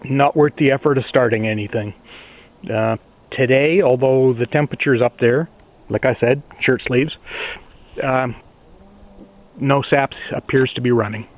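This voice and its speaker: A man narrating a casual vlog at his small off-grid cabin, talking slowly and plainly to himself with sighs and asides. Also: mid-range voice. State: out of breath. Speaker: cabin owner filming his visit.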